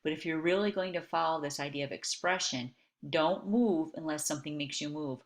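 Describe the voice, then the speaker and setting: Woman teacher lecturing on video, pretty low voice, chatty, keeps saying okay. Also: fairly quick. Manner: conversational, frequent "okay?" check-ins. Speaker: instructor.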